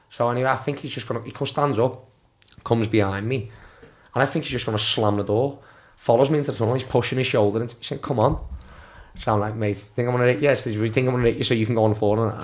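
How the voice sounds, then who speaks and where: A man in his twenties, a former footballer guest on a podcast, telling casual anecdotes and acting out quotes in a raised voice, swearing freely. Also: fairly low pitch. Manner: swears freely, talks in restarts. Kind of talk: casual storytelling.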